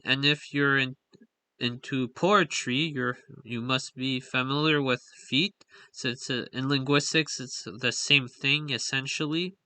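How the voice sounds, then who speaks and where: A man's voice: mid-range voice, steady tone, measured pace, sharp tone. A young man giving a slide-based linguistics lesson, talking in a hesitant way with frequent fillers and self-corrections. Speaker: linguistics explainer. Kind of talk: slide lecture voice-over.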